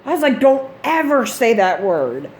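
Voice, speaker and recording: A woman's voice: a little high, big pitch swings, moderate pace, a little mellow, a little hiss or hum. A woman, a mother of grown kids, chatting in a rambling, casual vlog style about gaming gear, laughing often. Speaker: gaming channel host.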